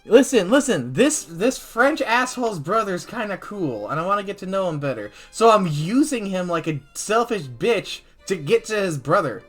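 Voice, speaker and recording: A man's voice: sits high, normal speed, few pauses, faint music behind. A man streaming a dating game, chatting casually and goofily reading the game text aloud. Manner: goofy, animated, reads dialogue aloud.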